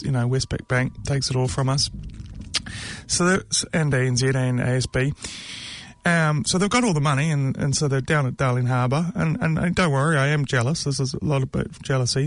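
A New Zealand man with a medium-pitched voice delivers a casual opinion monologue in a dry recording. He rambles and jokes, with plenty of ums and mocking asides.

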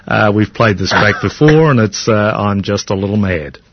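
A man hosting a radio talk show, asking questions in a halting way with many fillers. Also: fairly low pitch, animated, background noise. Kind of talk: casual radio interview. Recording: dull, dry radio audio.

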